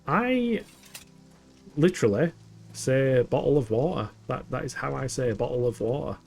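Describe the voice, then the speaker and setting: A man's voice: mid-range voice, expressive, normal speed, creaky, a little mellow. Man, young, game streamer, playful giggly banter, desk mic, faint game music behind. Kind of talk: casual gameplay livestream. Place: home gaming setup.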